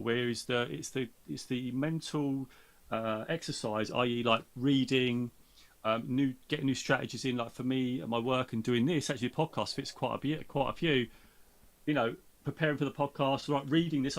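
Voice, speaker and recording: A man hosting a podcast in casual chat, rambling with lots of fillers and restarts. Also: mid-range voice. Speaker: podcast host.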